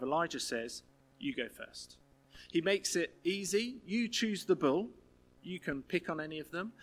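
A man preaches a sermon with a slightly high-pitched voice. He keeps it lively and humorous, chatting with the congregation as if in conversation.

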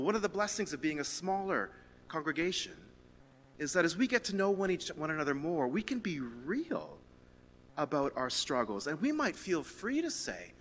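Male pastor, conversational sermon, slightly high and bright voice, long church-hall reverb. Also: a little hiss or hum. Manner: animated and conversational, reads scripture aloud, laughs at own stories.

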